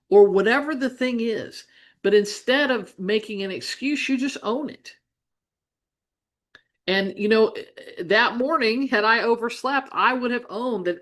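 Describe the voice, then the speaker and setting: A woman's voice: on the high side, measured pace. A middle-aged woman from Ohio, a business coach, telling a childhood farm story in an earnest way, with frequent restarts and asides. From Ohio, United States. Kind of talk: storytelling monologue.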